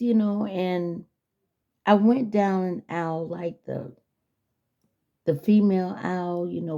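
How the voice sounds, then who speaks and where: A woman's voice: medium pitch, creaky, dark tone, lo-fi sound. A woman vlogger talking casually to her viewers, sassy and direct, who keeps checking in with "okay?". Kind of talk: casual chat to camera.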